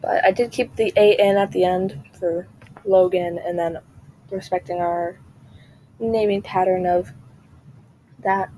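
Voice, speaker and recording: A chatty woman vlogger talking casually to her viewers with a mellow, soft-edged voice. She rambles, trails off and restarts mid-thought. A faint hiss sits under the recording. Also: lowish voice, fairly even intonation, measured pace, pauses often, low-quality recording. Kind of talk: casual chat to camera.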